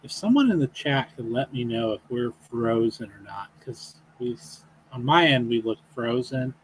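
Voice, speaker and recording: A man co-hosting a podcast, chatting casually with short, low-key remarks. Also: expressive, normal speed, a little hiss or hum, low-quality recording. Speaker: podcast co-host. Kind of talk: casual chat.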